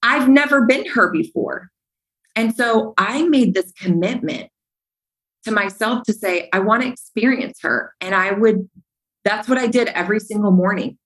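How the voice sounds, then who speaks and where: A woman's voice: medium pitch, unhurried, poor audio. A woman speaking as a podcast guest, telling stories with animation, acting out past conversations and driving her points home by repeating phrases. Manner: animated storyteller who acts out remembered dialogue.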